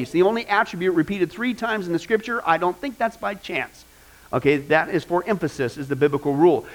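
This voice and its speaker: A man with a high voice leads a Bible class in a loose, conversational style. He is animated and quick to joke, and he tells vivid stories as he teaches. He speaks into a microphone. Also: low-quality recording. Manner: animated and joking, with vivid asides.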